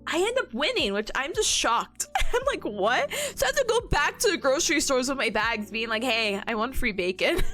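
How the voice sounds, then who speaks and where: A woman streamer with a high voice that swoops up and down as she chats. She tells stories in a bubbly, giggly way, with soft music playing underneath. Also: very animated, brisk, few pauses. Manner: giggly, bubbly storytelling, frequent laughter. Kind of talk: casual chat stream.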